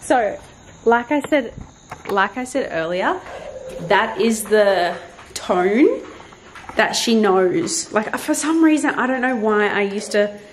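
A woman's voice: slow, low-quality recording. Woman, casual vlog chat, backyard, faint background noise. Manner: chatty, rambling, with high sing-song calls to her dog. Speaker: vlogger training her dog. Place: outdoors in a backyard.

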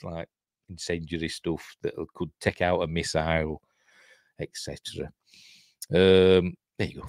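A middle-aged man with a broad Yorkshire accent rambles through a film he is watching, stopping often for ums and small chuckles. His voice sits a little low. The sound is dry and close. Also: no echo. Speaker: channel host, film commentator. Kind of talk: casual movie watch-along commentary.

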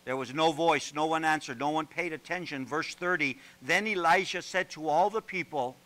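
A male pastor preaching with a forceful, bright voice that sits somewhat high. He is animated and joking, and he stumbles over repeated words when he gets going. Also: moderate pace, rough recording. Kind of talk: sermon.

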